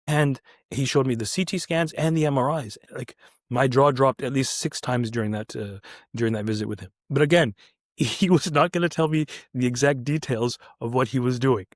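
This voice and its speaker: A man's voice: mid-range voice, no room sound, clean studio sound. A man, a surgeon, telling a story casually and acting out the dialogue with quoted voices, often restarting his sentences. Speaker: neurointerventional surgeon, podcast guest.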